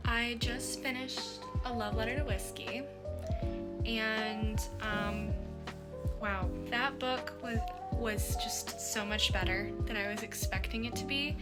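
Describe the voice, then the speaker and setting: A woman's voice: on the high side, fairly even intonation, slow, loud music behind the voice. A woman chatting casually on a video blog about books she is reading, gushing and emotional, with many fillers. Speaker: book reviewer. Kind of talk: casual vlog book reactions.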